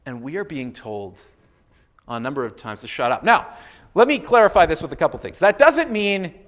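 A man preaching a sermon, animated and emphatic, repeating phrases and acting out what others say. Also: on the high side, moderate pace. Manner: animated preaching, emphatic repetition, acts out quotes. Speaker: pastor.

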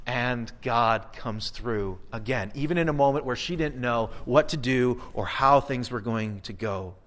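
A man's voice: medium pitch, a little slow, few pauses, fairly bright tone. A male pastor giving a sermon in a conversational, earnest way, often repeating words for emphasis.

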